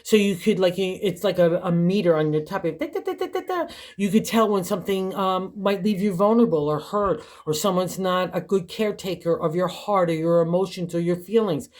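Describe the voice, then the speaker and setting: A woman's voice: on the low side, fairly even intonation, a little fast, few pauses, a little mellow. An older woman giving a casual, encouraging tarot reading, chatty and full of conversational fillers. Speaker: tarot reader.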